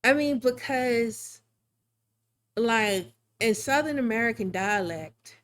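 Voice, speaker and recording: A woman's voice: on the high side, slow pace. A woman streaming live while drawing, chatting casually in a rambling, chatty way with frequent laughs. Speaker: live-streaming digital artist.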